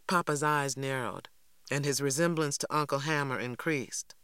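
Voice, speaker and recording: A man reading a novel aloud as narrator in an even, unhurried way. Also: medium pitch, clear, resonant tone, dry recording, studio quality. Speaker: audiobook narrator. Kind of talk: scripted narration.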